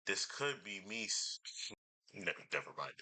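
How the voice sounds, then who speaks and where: A man's voice: deep voice, very animated, a little slow, husky. A man reacting to a debate clip in casual commentary, exasperated and swearing, talking into a microphone. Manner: exasperated, swearing, loud outbursts. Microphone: studio microphone.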